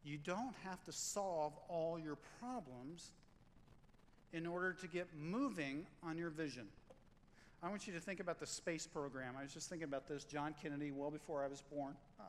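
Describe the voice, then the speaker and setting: A middle-aged man preaching a sermon as pastor, lively and joking, repeating lines for emphasis. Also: fairly high pitch, moderate pace. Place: church sanctuary. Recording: long hall reverb, faint room noise.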